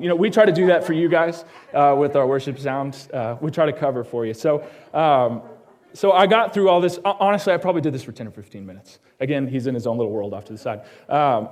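Telling his story from the pulpit, this pastor's sermon is personal, broken up by quick questions put to the congregation. Whenever a line turns solemn, his voice sinks quiet and low into a hush.

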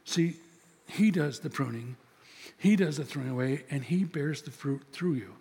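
Older pastor with a husky voice. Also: male voice, on the high side, moderate pace, dark tone. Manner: conversational, storytelling, acts out dialogue. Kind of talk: sermon. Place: church sanctuary. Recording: long reverb of a large hall.

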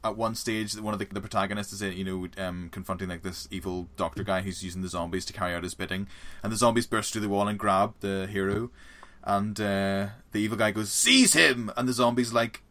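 A young man chatting casually on a podcast. His voice sits fairly low, and he rambles with animated energy, often breaking into laughter. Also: fast. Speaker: podcast co-host. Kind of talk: casual chat about horror films.

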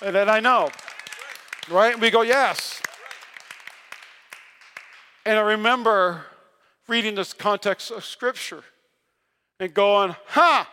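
A man's voice: sits high, unhurried, pauses often, bright, forceful tone, clean tone, some chatter behind. A man preaching a sermon in a large church, telling stories with energy and self-deprecating humor. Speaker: pastor. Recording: long reverb of a large hall.

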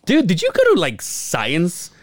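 A man's voice: high-pitched, huge pitch swings, unhurried, a little hiss or hum. A man co-hosting a podcast in casual chat, telling stories animatedly, laughing often and swearing freely. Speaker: podcast co-host.

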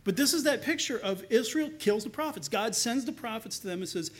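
A male pastor preaching a sermon, retelling a parable in an animated, colloquial way and often repeating words as he restarts. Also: very high-pitched, brisk. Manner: animated storytelling, colloquial asides.

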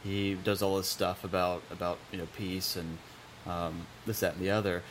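A man hosting a casual interview, telling a story in a halting, rambling way. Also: low voice, little pitch movement, a little hiss or hum. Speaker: podcast host. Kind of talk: casual chat.

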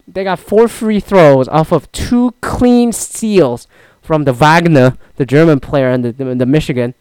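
Male podcast host, smooth resonant voice, dry close sound, rambling profane casual sports talk. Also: a little high, no room sound. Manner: rambling, profane, frequent restarts. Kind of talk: casual solo sports chat.

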